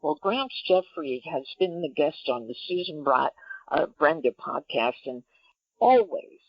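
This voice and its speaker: Lively, gravelly-voiced podcast host woman. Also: deep voice, measured pace, no echo, highs cut off. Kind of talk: interview hosting.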